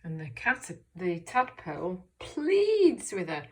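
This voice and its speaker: Brief: primary teacher, woman, lowish voice, clear step-by-step encouragement. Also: wildly swooping pitch, slow. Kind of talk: recorded reading lesson for children.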